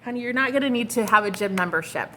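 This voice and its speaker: A young woman doing a casual tarot reading, excitable and flustered, swearing casually and calling her viewers honey and girl. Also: fairly high pitch, fast, slight background noise. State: flustered and hot. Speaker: tarot reader.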